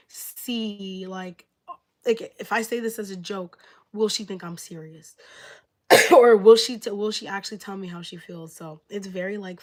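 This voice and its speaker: Woman reading tarot on a live stream, chatty, lots of likes, bit of hiss behind her. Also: medium pitch. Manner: chatty, many fillers, acts out quotes. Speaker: tarot reader.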